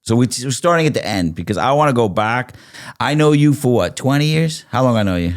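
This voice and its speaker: A man's voice: mid-range voice, animated, a little fast. A middle-aged man hosting an interview, speaking directly and bluntly to an old friend. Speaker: podcast host. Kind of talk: casual interview chat.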